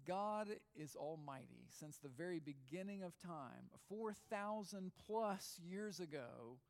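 A man with a high, raised voice preaching to his congregation. He fires off questions and drives each point home with emphasis. His voice rings with a long hall reverb. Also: a little mellow. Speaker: pastor. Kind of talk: sermon.

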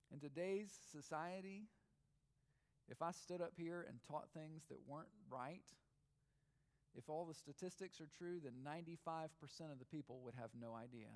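A man's voice: fairly high pitch, moderate pace. A man preaching a sermon as pastor, pressing his listeners with repeated questions and emphatic points. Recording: long hall reverb.

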